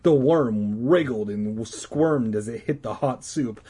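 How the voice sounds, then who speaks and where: A man's voice: medium pitch, slow, warm tone, husky. A man casually reading a children's book aloud, irreverent, stumbling and correcting himself. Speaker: reader.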